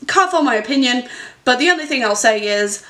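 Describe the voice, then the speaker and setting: Young woman, casual vlogger, talkative and giggly, pitched a bit high, wanders off on tangents. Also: animated, brisk, sharp tone. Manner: chatty, giggly, rambling with frequent tangents. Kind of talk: casual film commentary vlog.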